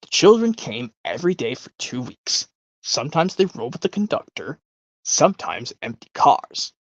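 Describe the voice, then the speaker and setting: A speaker doing a hushed older storybook narrator. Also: mid-range voice, big pitch swings, normal speed, no room sound, highs cut off. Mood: gentle storytelling. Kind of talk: impression of a children's TV narration.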